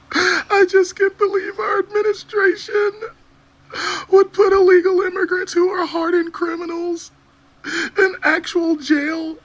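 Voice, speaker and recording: A man's voice: very high voice, little pitch movement, slow pace, fairly bright tone, full character voice. A man playing an overwrought, sobbing parody of a left-wing protester in a mocking video clip, wailing through fake tears. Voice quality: mock crying, wailing.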